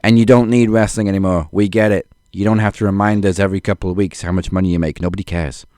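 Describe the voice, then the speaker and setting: A man's voice: sits low, fairly even intonation, fast talker, a little mellow, no echo. A man co-hosting a podcast in casual chat, handing out points with dry sarcasm. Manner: dry, sarcastic scoring of wrestlers. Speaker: podcast co-host.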